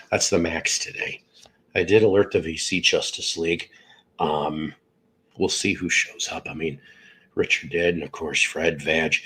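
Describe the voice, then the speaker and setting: Greeting his viewers by name, a sick, congested middle-aged man rambles and cracks jokes during a casual live stream. He speaks low with a slightly bright quality, and the poor audio carries faint background noise.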